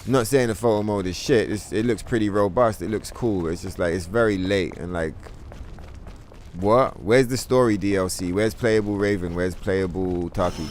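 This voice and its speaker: A man's voice: lowish voice, normal speed, darkish tone, slight background noise. A man streaming a game, ranting in a casual, profane, exasperated way and mocking others in put-on voices. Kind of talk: casual gaming stream rant.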